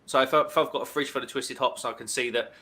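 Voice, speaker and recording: A man's voice: mid-range voice, fairly even intonation, fast talker, bright, forceful tone. A man hosting a casual live stream, chattily reading out viewer comments and greeting people.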